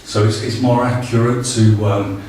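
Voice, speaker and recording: A man's voice: mid-range voice, fairly even intonation, moderate pace, darkish tone. A man teaching a casual spoken tutorial, hesitant and full of ums and uhs. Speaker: language teacher. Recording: very echoey, distant, faint background noise.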